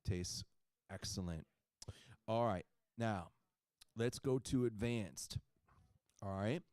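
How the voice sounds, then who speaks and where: A man who runs a clinic pitching a supplement to listeners, telling a story with emphatic asides and "okay?" and "right?" checks. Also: takes it slowly, a little mellow, smooth, dry recording. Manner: folksy, emphatic, says "okay?" and "right?" to the audience. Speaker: clinic owner presenting supplements. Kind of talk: sales pitch with anecdote.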